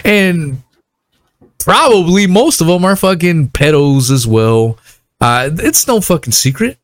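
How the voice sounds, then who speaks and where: A man's voice: on the high side, lively intonation, slow, no echo. A man hosting a casual podcast chat, swearing constantly and laughing often.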